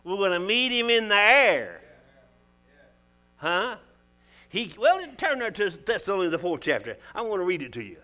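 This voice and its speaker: Folksy older preacher, high and bright. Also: male voice, big pitch swings, moderate pace, long pauses, soft background music. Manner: folksy, preacherly, calls out to the congregation. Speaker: pastor. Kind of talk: sermon. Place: church.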